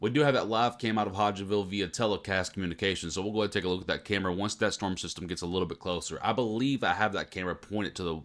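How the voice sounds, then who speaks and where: A man forecasting the weather in live storm coverage, tired from very little sleep and talking in a fairly monotone way. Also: low voice. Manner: self-described monotone delivery.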